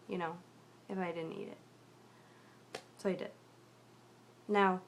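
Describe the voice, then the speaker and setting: Quiet, rambling young woman confiding. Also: mid-range voice. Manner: rambling and confessional, frequent fillers, often drops to a quiet mutter. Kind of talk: personal video diary, candid storytelling.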